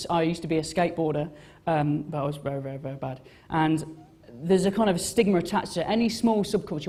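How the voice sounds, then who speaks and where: A young man's mellow, high-sitting voice carries a relaxed on-stage talk about his design work at a live event. His delivery wanders and turns self-mocking, full of fillers and false starts.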